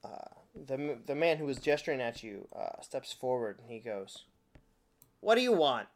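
A man running a tabletop game as game master, narrating scenes in a relaxed way with many fillers. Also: mid-range voice, moderate pace.

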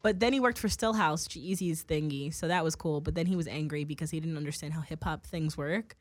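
A woman's voice: sits low, a little fast, dry recording. A woman in her twenties telling rambling, profane stories as a podcast host in casual chat.

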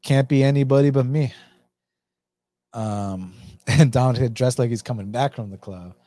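A man from the United States with an Atlanta, Southern US accent hosts a laid-back livestream, reading viewer comments aloud and reacting with laughter and swearing. His voice is medium in pitch and mellow, his pace measured, and the recording has no echo.

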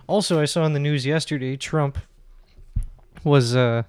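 A man's voice: on the high side, moderate pace, darkish tone, smooth, dry recording. Profane, laughing man on a podcast. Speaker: podcast co-host. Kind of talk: casual chat.

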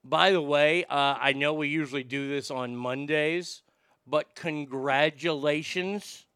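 A man's voice: on the high side, measured pace, pushed and bright, clean tone, dry recording, studio quality. A man hosting a talk show, chatting casually in a blunt, sarcastic and profane way. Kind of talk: casual opinionated chat.

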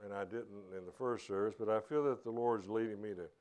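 A man's voice: lowish voice, brisk, darkish tone. A man preaching a sermon as pastor at a church service, earnest and conversational, often restarting his phrases.

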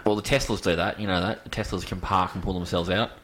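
A man co-hosting a casual talk show, relaxed and storytelling. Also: low voice, fast talker. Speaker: co-host. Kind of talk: casual chat.

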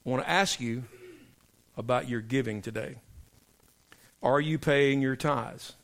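A middle-aged male pastor preaching a sermon to his congregation, emphatic and preacherly, dropping low for punchlines. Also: unhurried, gravelly, fairly bright tone. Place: church sanctuary.

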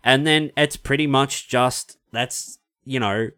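A man's voice: medium pitch, slow pace, pushed and bright, clean tone, no room sound, studio quality. A talkative man co-hosting a podcast, rambling casually and swearing now and then. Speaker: podcast co-host. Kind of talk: casual chat.

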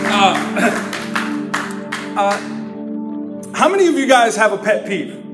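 High-voiced pastor joking in an echoey hall. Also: male voice, a little slow, pauses often, a loud crowd. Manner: lively, joking, calls for audience response. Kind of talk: sermon with humorous stories. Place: church service. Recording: echoey room with music behind.

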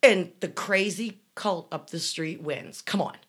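A woman's voice: on the low side, a little slow, fairly bright tone, husky. A woman from the Pittsburgh area co-hosting a casual chat, telling a story with incredulous sarcasm.

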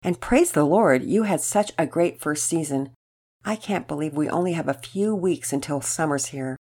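A woman's voice: low voice, moderate pace, darkish tone, husky. A woman voicing a cheerful motherly woman cooking breakfast, speaking in a bubbly, exclaiming way.

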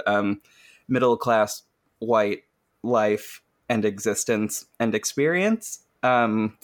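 A man hosts a podcast in loose, casual chat, his voice sitting at an ordinary middle pitch. He laughs often and swears freely as he tells the story. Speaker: podcast host.

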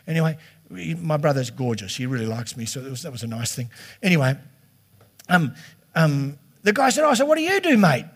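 A man's voice: medium pitch, sing-song, fairly quick, husky. A middle-aged man preaching a sermon as pastor in a chatty, conversational way. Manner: chatty and conversational, slipping into quoted voices.

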